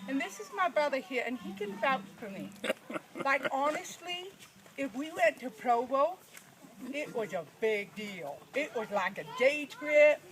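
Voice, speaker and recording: A woman's voice: high voice, lively intonation, unhurried. A woman playing a folksy, plainspoken rural storyteller, telling a comic tale with drawling, giggling asides. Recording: noisy recording.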